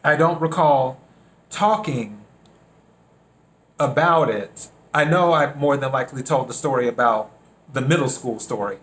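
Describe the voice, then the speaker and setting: A man from South Carolina hosting a reflective solo podcast, unhurried, repeating his phrases and acting out bits of dialogue. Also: mid-range voice, fairly bright tone. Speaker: podcast host.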